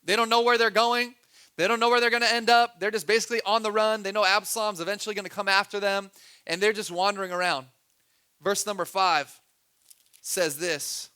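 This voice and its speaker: A man preaching a sermon as a pastor. He swings between soft, low asides and loud, urgent pushes. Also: steady tone, brisk, smooth.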